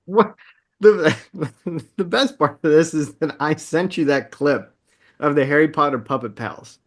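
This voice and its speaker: A man in his thirties co-hosting a casual movie podcast, upbeat and laughing often as he recaps the plot at a quick clip. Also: on the high side. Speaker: podcast co-host.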